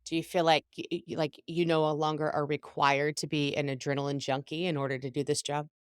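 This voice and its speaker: A woman's voice: low voice, level tone, brisk, smooth, no echo, studio quality. A woman hosting a podcast as a business coach, speaking in a reflective and encouraging way in casual conversation.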